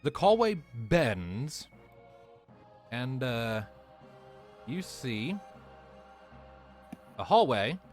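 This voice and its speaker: A man's voice: mid-range voice, drawn-out words, pauses often, faint music behind. Man narrating as game master. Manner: steady descriptive narration.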